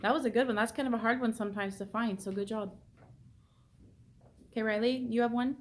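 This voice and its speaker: A woman's voice: fairly high pitch, fairly even intonation, a little fast. A woman art teacher leading a classroom discussion, asking questions and repeating students' answers back to them.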